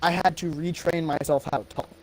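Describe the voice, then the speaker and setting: Man from the American South, fairly high voice, casual live-stream gamer, profane, tongue-tied restarts. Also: fairly even intonation, a little fast, faint music behind, low-quality recording. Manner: swears a lot, gets heated at teammates. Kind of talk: casual chat while gaming.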